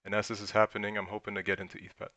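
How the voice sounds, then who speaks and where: A man with a fairly low voice and a bright, forceful edge talks on a live stream. He rambles and thinks aloud with many restarts. The sound is dry and close, with almost no room around it. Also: monotone, rapid-fire, no room sound. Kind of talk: casual live-stream chat over charts.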